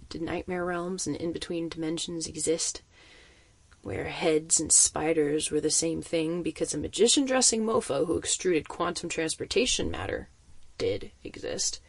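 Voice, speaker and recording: Gravelly, expressive male storyteller. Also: fairly high pitch, moderate pace, no room sound. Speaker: narrator. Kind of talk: first-person audiobook narration.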